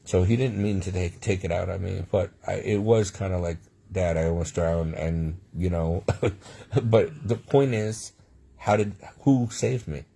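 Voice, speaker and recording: A man's voice: low voice, unhurried, creaky, dark tone, husky. A man telling his own life stories in a rambling way, with frequent restarts and asides. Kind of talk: personal storytelling monologue.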